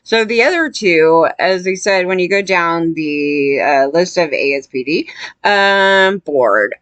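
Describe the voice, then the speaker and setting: A woman's voice: on the low side, animated, slow pace, fairly bright tone, no echo. A woman giving casual, blunt commentary, rambling with lots of fillers and sounding disgusted.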